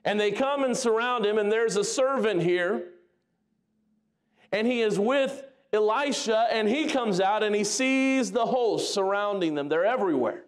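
Male preacher, higher voice, lively storytelling sermon. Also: unhurried. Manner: animated storytelling, then soft prayer.

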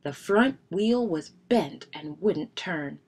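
Slow, expressive woman reading a picture book. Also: lowish voice, breathy edge. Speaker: children's book reader. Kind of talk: children's read-aloud narration.

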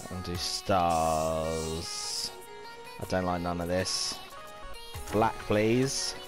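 A man's voice: sits low, extremely slow, over music. A man with a Northern English accent chatting playfully as he plays and commentates on a video game. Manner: chatty, playful, exclaims and sings little phrases. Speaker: gaming video host. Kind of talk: casual gameplay commentary.

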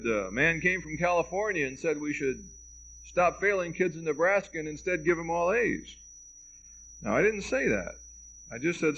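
A middle-aged man lectures with wry, dry humor, playing out both sides of the conversations in his anecdotes. His voice sits in a middle register with a gravelly edge. The old reel-to-reel tape sounds muffled and lo-fi, with a faint hiss and hum. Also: medium pitch, fairly bright tone. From United States. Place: lecture hall at a college.

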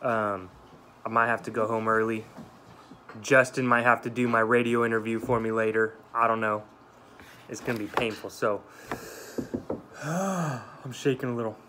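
A man's voice: fairly low pitch, little pitch movement, moderate pace, sharp tone, a little hiss or hum. A man vlogging in a break room at work, mouth burning from a hot pepper, coughing and letting out pained exclamations. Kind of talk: casual vlog.

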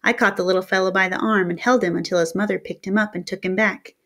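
A woman reading a novel chapter aloud as an audiobook. Her narration is steady and told in the first person, as a storyteller. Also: medium pitch, fast talker. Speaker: reader.

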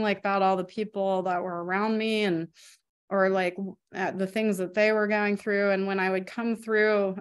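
A woman's voice: mid-range voice, clear, resonant tone. A middle-aged woman, teaching a parish faith class in a personal, conversational way with many fillers. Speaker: RCIA catechist. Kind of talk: casual teaching talk.

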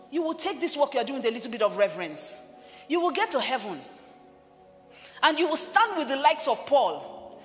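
A middle-aged woman preaches with a high, insistent voice, swinging from quiet asides to shouted declarations. Her words ring out in a long church-hall reverb with faint music underneath. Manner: emphatic, rising to shouts and dropping low for quoted voices. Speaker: pastor. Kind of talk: sermon.

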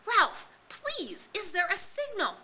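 A woman reads out a nervous, shortsighted schoolboy in an audiobook. His voice jumps up high and pleads anxiously, with a bright, sharp edge. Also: lively intonation, moderate pace, slight background noise. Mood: pleading.

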